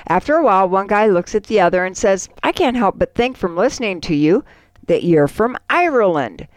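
A woman co-hosting a farm radio show, reading ads and telling jokes in a lively way. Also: mid-range voice, fairly quick, no room sound, clean studio sound. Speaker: radio co-host.

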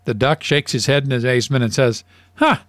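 A man's voice: mid-range voice, quick pace, dry recording. A man co-hosting a casual radio show, telling announcements. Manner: lively storyteller, animated dialogue. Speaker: radio co-host.

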